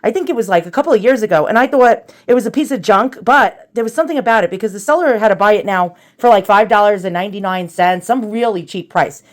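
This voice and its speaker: A woman's voice: mid-range voice, quick pace, hardly any pauses. Rambling, chatty woman vlogger. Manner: rambling and chatty, with many fillers and restarts; self-deprecating and nervous. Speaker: antiques vlogger. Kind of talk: casual show-and-tell vlog.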